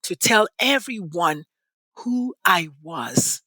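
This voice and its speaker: A passionate woman from Nigeria tells her story in an interview, her voice bright and leaping widely up and down in pitch. She leans on dramatic pauses. The sound is close and dry. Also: animated, dry recording. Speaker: podcast guest.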